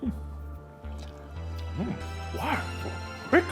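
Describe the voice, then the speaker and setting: A man's voice: very slow, music in the background. A man from the United States chatting casually as he tastes and reviews snacks, rambling with lots of fillers. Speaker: food taste-tester.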